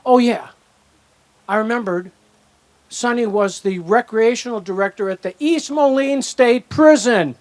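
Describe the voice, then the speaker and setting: A man's voice: extremely high pitch, unhurried. Older man spinning rambling anecdotes. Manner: rambling storyteller who acts out dialogue. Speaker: hall of fame inductee giving a speech. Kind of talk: anecdotal acceptance speech. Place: outdoor ceremony at a disc golf course.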